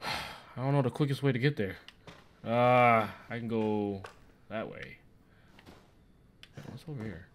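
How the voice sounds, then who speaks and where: A man's voice: medium pitch, a little slow, pauses often, slight background noise. A man muttering profane, frustrated commentary as he plays a game, with sudden startled outbursts. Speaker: gameplay streamer. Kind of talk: live gameplay commentary. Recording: game music loud behind the voice.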